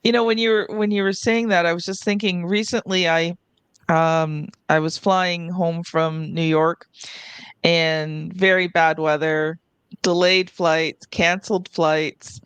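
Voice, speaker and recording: A woman's voice: lowish voice, steady tone, a little slow, a bit bright, clean tone, no echo. A woman hosting a podcast, telling a personal travel story in a chatty way with many fillers. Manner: chatty, uses many "like" fillers, mimics others. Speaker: podcast host. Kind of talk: casual chat, personal anecdote.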